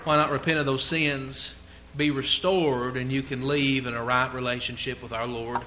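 A man preaching a sermon in a church service, earnest and emphatic, slowing down to stress key phrases. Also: medium pitch, level tone, slight background noise. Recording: dull lo-fi sound.

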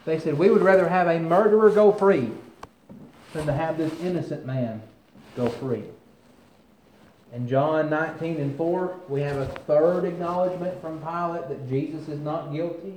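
A man's voice: fairly high pitch, moderate pace, a little mellow, reverberant, slight background noise, low-quality recording. A man preaching a sermon, reading scripture aloud with rising force and then commenting on it in a conversational way.

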